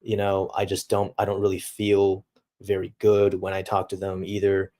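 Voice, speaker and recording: A man's voice: sits low, completely flat delivery, moderate pace, mellow. A young man streaming live, talking casually and reading out chat in a laid-back, slangy way full of dude and bro.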